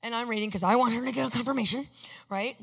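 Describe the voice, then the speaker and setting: Animated preacher in a reverberant church. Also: medium pitch, fast, creaky, breathy edge. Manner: animated, acts out quotes, asks the congregation for amens. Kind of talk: storytelling sermon.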